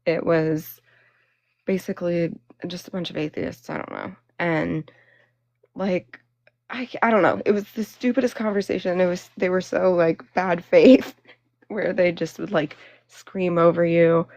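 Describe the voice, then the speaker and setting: A woman's voice: lowish voice, steady tone, unhurried, darkish tone, no echo, dull audio. A young woman hosting a phone livestream, chatting and ranting casually, full of fillers and laughing between phrases. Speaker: livestream host. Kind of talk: casual live-stream chat and rant.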